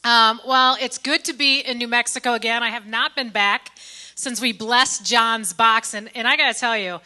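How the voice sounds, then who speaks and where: A middle-aged woman from Indiana, in a very bright, ringing voice, delivers a gala keynote in a church hall. She holds a handheld mic and keeps it folksy and joking with the audience. Her voice sits a little high for a woman. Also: clean tone. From Indiana, USA. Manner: folksy and joking, talks straight to the crowd. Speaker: keynote speaker. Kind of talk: speech at a fundraising gala. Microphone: handheld microphone.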